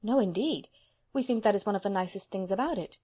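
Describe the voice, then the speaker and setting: A woman voicing an earnest young college woman who speaks gently and hesitantly. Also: medium pitch, quick pace, slightly rough, natural voice.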